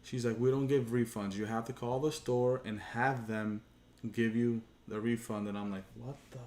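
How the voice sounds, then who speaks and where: Speaking at normal speed with fairly even intonation, this gaming channel host has a medium-pitched, darkish voice. He's livestreaming from an echoey room at home, venting his frustration in a casual storytelling rant that's profane, rambling, and full of performed dialogue.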